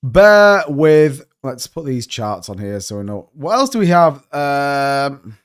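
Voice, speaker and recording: A man's voice: medium pitch, very animated, takes it slowly, smooth. A man hosting a casual crypto livestream, chatty, greeting viewers by name and swinging between upbeat bursts and muttering.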